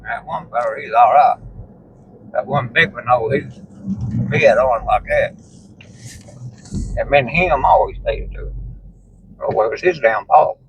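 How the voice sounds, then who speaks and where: A man's voice: mid-range voice, a little slow, creaky, long pauses, lo-fi sound, noisy background. A man, telling rambling, salty stories in a casual chat and laughing at his own tales. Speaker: storyteller in conversation. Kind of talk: casual storytelling. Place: inside a moving vehicle.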